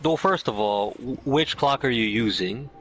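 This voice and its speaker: A man's voice: mid-range voice, a bit bright, husky, faint music behind. A man helping a friend through a game, exasperated and teasing, with casual chat and swearing. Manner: exasperated, teasing, quick to laugh. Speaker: co-player.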